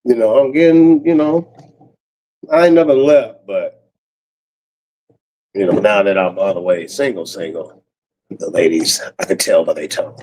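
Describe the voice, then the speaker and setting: A man's voice: lowish voice, moderate pace, long pauses, dark tone, rough recording. A man YouTuber talking in a casual rambling monologue, full of street slang, chuckles and trailing fillers.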